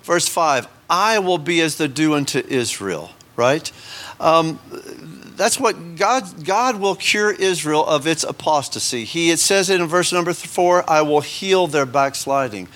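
A man delivering a sermon with a slightly raised pitch. He talks loosely and conversationally, stopping himself mid-sentence for asides and checking in with "right?" as he goes. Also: expressive, measured pace, a bit bright. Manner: conversational, self-interrupting, asides and rhetorical "right?". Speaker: pastor.

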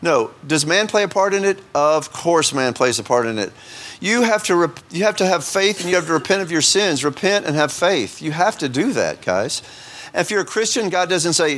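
A pastor preaching an informal sermon in a conversational, joking way, often asking the congregation questions. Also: male voice, fairly high pitch, lively intonation, normal speed, a bit bright.

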